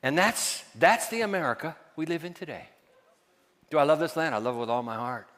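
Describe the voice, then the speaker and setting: A man preaching a sermon as pastor, quizzing his congregation and dropping to hushed asides. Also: on the high side, lively intonation, brisk, in a large hall.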